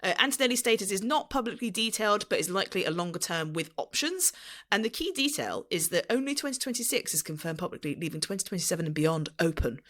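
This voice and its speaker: A woman's voice: medium pitch, expressive, fast, fairly bright tone. A woman co-hosting a casual podcast, reading out news points and teasing her co-hosts with blunt swearing. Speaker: podcast co-host.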